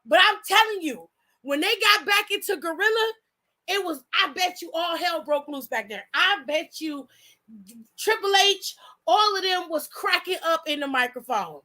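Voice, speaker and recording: A woman giving a casual, slangy recap of a wrestling show, animated and often laughing. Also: very high-pitched, moderate pace. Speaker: wrestling commentator.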